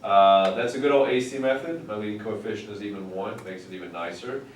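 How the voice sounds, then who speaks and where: A male math teacher with a lowish voice works briskly through algebra with students, explaining each step with dry, wry humor. This classroom tutoring session is recorded with a distant mic in a roomy space, with some noise.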